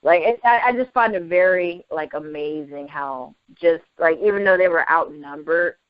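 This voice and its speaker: A woman chatting casually as a podcast co-host, excitable and gushing, laughing often. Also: low voice, moderate pace, dry recording. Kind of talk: casual chat. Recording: dry lo-fi recording.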